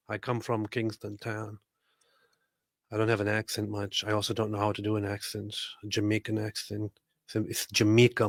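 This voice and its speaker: A man with a fairly low voice jokes his way through a casual livestream, reading out viewer comments and laughing often. The sound is close and dry, with no room around it. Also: no echo. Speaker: livestream co-host.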